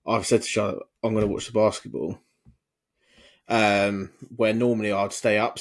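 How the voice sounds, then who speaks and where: A man co-hosting a podcast, bantering in laid-back, sweary slang. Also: on the low side. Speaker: podcast co-host. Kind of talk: casual chat.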